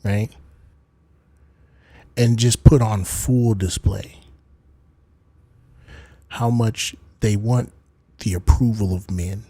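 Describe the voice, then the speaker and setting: A man hosts a call-in livestream in a mellow, slightly husky voice, his pitch swinging widely as he jokes and curses. The sound is close and dry, with no room around it. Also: slow pace, pauses often, dry recording. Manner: profane, joking, animated. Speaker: livestream host. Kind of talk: casual call-in stream chat.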